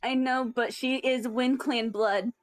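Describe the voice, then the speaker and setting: A woman voicing a fierce, grieving mother cat in a roleplay, firm and steady. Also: on the high side, unhurried, dry recording, natural voice. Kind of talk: voice-acted roleplay.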